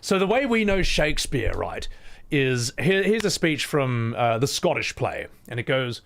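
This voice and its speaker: A man's voice: medium pitch, big pitch swings, unhurried, fairly bright tone. A man chatting casually on a live stream, opinionated and sweary, with frequent asides.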